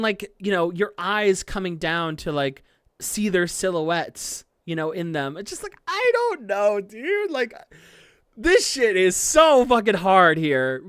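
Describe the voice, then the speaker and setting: A streamer gives casual live commentary on an anime episode, rambling and gushing with many fillers, swearing freely and breaking into excited outbursts. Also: smooth, no echo, studio quality. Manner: swings into excited high outbursts.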